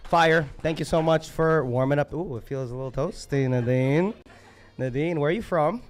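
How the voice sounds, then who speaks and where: A man with a notably high voice works the room as an open mic host. He jokes, swears and rallies the audience with loud, playful energy, recorded live in a poetry venue. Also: moderate pace. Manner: loud, joking, profane crowd work. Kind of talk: hyping a live crowd.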